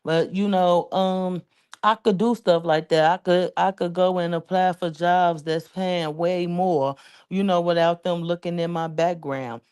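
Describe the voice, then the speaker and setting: A woman's voice: on the low side, fairly even intonation, measured pace, a little mellow, smooth. A woman from the Chicago area chatting casually on a livestream, rambling and emotional, thanking viewers by name. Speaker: livestream host.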